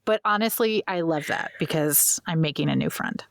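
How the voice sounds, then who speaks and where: An American woman co-hosting a podcast, relaxed and chatty. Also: deep voice, normal speed, gravelly, dry recording, studio quality. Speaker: podcast co-host. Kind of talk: casual chat.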